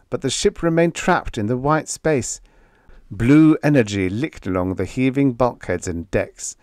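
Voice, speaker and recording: A man narrates a story in a slow, steady, measured way. His voice sits fairly low, and the recording is dry and close, with no room sound. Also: no echo. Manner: measured, unhurried reading. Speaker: audiobook narrator. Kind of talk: scripted narration.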